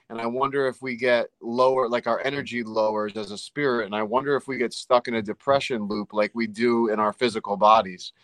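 A man hosting a casual podcast, musing out loud in a rambling way with many fillers. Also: mid-range voice, no echo. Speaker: paranormal podcast host. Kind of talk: casual chat.

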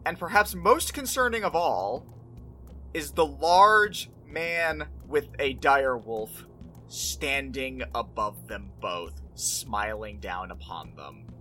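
Game master, dramatic paced narration, bright clear tone. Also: mid-range voice, animated, soft background music. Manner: measured, dramatic narration with pauses.

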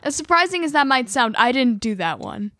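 A woman's voice: high voice, sing-song, brisk, sharp tone, no room sound, clean studio sound. Playful young woman co-hosting with her dad. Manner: playful, giggly banter. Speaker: co-host, host's daughter. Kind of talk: casual family podcast chat. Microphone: podcast microphone.

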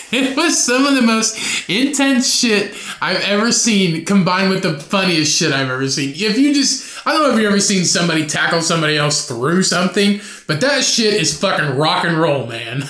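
Animated, profane young man telling stories. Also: high voice, moderate pace, reverberant. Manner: profane, laughing often, animated storytelling. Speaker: podcast host. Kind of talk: casual solo podcast storytelling.

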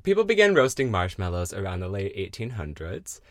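A man's voice: sits low, big pitch swings, a little fast, no echo, clean studio sound. A man co-hosting a casual podcast, reading history notes with lots of fillers and laughs. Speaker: co-host.

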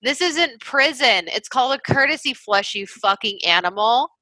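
A woman co-hosting a casual comedic chat, animated and swearing as she tells a story in disbelief. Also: fairly high pitch, moderate pace, dry recording, low-quality recording. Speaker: podcast co-host.

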